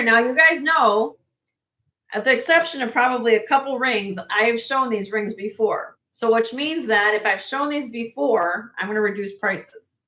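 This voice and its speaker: A woman hosting a casual live jewelry sale from home, briskly listing rings and sizes with chatty asides. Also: a little high, sharp tone. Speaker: host selling jewelry on a live stream.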